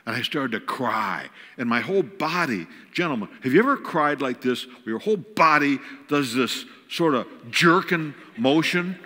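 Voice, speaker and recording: An older man, a guest speaker, telling a humorous family story from the pulpit, animated and self-mocking as he acts out each scene. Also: mid-range voice, moderate pace, few pauses. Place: large church auditorium. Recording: long hall reverb.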